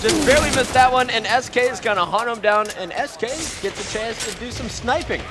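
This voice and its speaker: A man calling live video game action as a play-by-play commentator, with rapid, excited calls. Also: very high-pitched, background noise.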